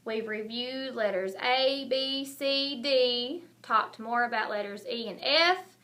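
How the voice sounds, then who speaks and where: A woman teaching a recorded lesson to kindergarten children, speaking slowly and clearly. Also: fairly high pitch, pushed and bright. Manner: slow, clear, encouraging teacher talk.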